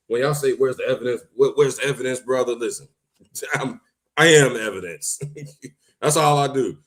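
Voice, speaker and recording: A man hosting a casual livestream, talking informally with slang and laughing often. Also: sits low. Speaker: online livestream host.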